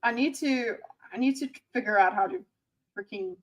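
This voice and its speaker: A woman's voice: on the high side, expressive, normal speed, low-quality recording. A woman in her thirties, a streamer giving sarcastic, teasing live reaction commentary. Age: 30s.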